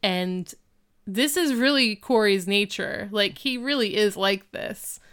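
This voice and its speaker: A woman's voice: medium pitch, slow, clear, resonant tone. A woman co-hosting a casual chat, animatedly retelling a show's scenes. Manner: chatty, animated storytelling. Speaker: podcast co-host. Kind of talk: casual chat recapping a reality show.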